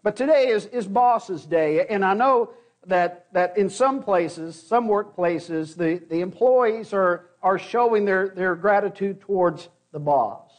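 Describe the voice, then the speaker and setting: High-voiced man preaching a sermon. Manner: earnest preaching with repeated restarts and emphatic pauses. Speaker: pastor.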